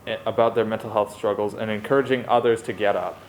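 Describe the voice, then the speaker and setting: A man's voice: on the low side, fairly even intonation, fast, slight background noise, rough recording. A male student presenter at a school assembly, plainly announcing the next segment. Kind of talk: reading a prepared talk.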